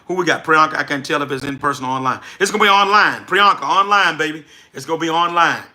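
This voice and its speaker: A man from South Louisiana with a Southern accent, hosting a casual livestream and answering chat with energetic, repetitive, preacher-like emphasis. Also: on the high side, fast. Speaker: livestream host, business coach.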